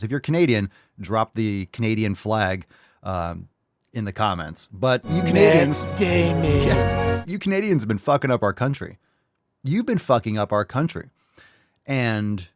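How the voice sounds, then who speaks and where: A man hosting a live-streamed podcast, loud, profane and hyped, rallying his audience and plugging merch. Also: mid-range voice, dry recording, studio quality. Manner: loud, hyped and profane, with mock shouts and crowd-hyping calls. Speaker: podcast host. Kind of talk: casual live-stream show intro.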